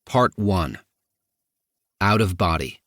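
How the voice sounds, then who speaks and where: Low-voiced man reading a memoir. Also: expressive, slow, a bit bright, no room sound, studio quality. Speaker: audiobook narrator. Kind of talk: scripted first-person memoir narration.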